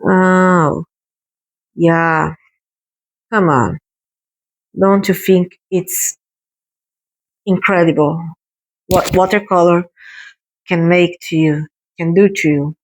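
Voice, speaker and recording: A woman hosting a casual painting tutorial, chatting gently and encouragingly as she paints. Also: lowish voice, steady tone, slow pace, long pauses, poor audio. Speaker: watercolor artist hosting a painting video.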